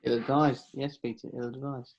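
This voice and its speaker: A man in casual conversation, relaxed and jokey, with a middle-range voice. He leads the talk and laughs easily. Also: mid-range voice, normal speed, highs cut off. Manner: laid-back banter, laughs often. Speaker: podcast host. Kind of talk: casual chat.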